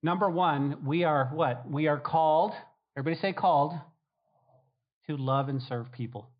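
A man's voice: fairly high pitch, moderate pace, dull audio. A man who is a pastor, preaching a sermon with repetition, rhetorical questions and acted-out quotes.

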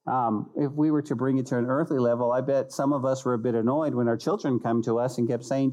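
A man, a pastor, preaching an animated sermon who acts out little voices and repeats key phrases for emphasis. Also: mid-range voice, fast, hardly any pauses, poor audio. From United States.

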